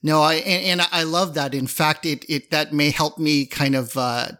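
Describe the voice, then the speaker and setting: A man's voice: on the high side, fairly even intonation, moderate pace, pushed and bright. A man hosting a casual panel discussion, rambling with lots of fillers and restarts. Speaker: panel host.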